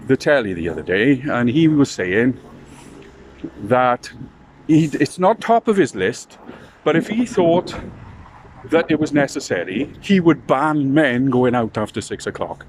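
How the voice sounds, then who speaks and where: A man's voice: mid-range voice, a little hiss or hum. A man speaking to camera, making an indignant, impassioned political appeal. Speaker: political campaigner.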